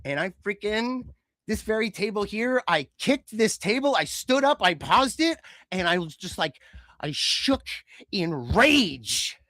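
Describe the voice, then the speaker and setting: A man co-hosting a podcast in casual chat, ranting in an animated, sarcastic way. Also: high-pitched, a little slow, no room sound, studio quality. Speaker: podcast co-host.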